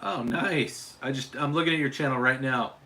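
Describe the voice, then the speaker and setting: A man's voice: medium pitch, moderate pace, pushed and bright, a little hiss or hum. A man from Utah hosting a casual livestream, chatting with viewers and often restarting and repeating his words. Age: adult father. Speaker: livestream host.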